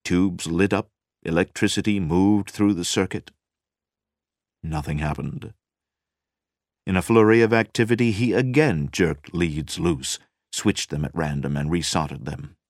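A man narrating a story in a measured, dramatic reading style. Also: deep voice, dry recording, studio quality. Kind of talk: scripted audiobook narration.

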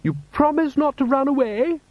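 A man voicing a proud aristocratic wife who fusses and gently scolds her husband. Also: very high-pitched, moderate pace, no echo, voice pushed up. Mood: fondly scolding. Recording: dull, slightly lo-fi.

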